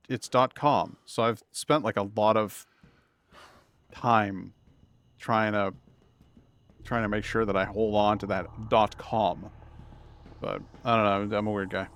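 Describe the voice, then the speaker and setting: A man's voice: on the low side, fairly bright tone, a little hiss or hum. Chatty Upstate New York man streaming. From Massachusetts. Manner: rambling, self-deprecating, chatty with viewers. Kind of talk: casual live-stream gaming chat.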